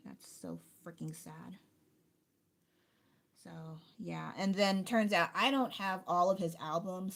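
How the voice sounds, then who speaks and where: Rambling woman with a lowish voice. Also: vocal fry. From United States. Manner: chatty, rambling, self-interrupting. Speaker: art streamer. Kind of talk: casual rambling chat.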